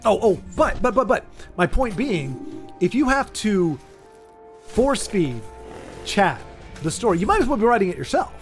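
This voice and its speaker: A man's voice: high-pitched, sing-song, moderate pace, soft background music. A man hosting a casual chat, rambling and restarting his sentences as he talks through an idea. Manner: rambling, many restarts and repeated words. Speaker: streamer host.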